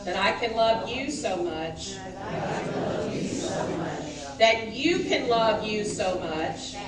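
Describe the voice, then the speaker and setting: A woman minister giving a conversational sermon in a church and questioning the congregation directly. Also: on the high side. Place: church sanctuary. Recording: echoey hall, picked up from a distance.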